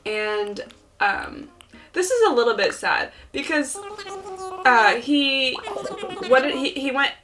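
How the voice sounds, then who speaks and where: A woman's voice: high-pitched, expressive, slow, pauses often, crowd noise. Chatty young woman gaming co-host. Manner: chatty, earnest, many filler likes and ums. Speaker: let's play co-host. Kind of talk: casual chat while gaming.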